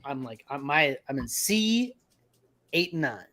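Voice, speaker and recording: A man hosting a podcast, telling a story in casual chat with lots of swearing and animated retelling. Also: fairly high pitch, unhurried. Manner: profane, animated storytelling with laughs. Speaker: podcast host.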